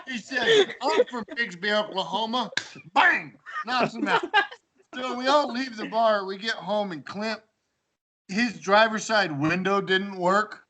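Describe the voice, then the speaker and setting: A man telling old house-party stories in a casual chat, animated, acting out quoted lines and laughing often. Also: high-pitched, takes it slowly, noisy background. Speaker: storyteller among old housemates.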